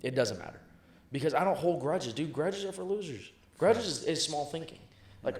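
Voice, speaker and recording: Fast-talking, blunt motivational man, echoey room. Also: medium pitch, lively intonation. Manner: emphatic, blunt, profane, repeats himself for punch. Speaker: sales professional guest. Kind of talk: motivational interview talk.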